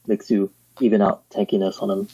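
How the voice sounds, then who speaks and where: A man in a casual chat, explaining game tactics with halting restarts and fillers. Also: on the low side, level tone, dark tone, breathy edge, no room sound. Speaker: guest player. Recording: dull lo-fi dry mic.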